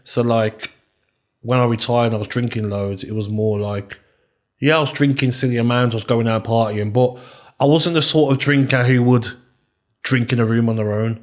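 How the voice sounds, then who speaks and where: A Birmingham-accented man in his thirties guests on a podcast, speaking at medium pitch and moderate pace with fairly even intonation. The casual interview chat drifts loosely, thick with ums and his habitual "do you know what I mean."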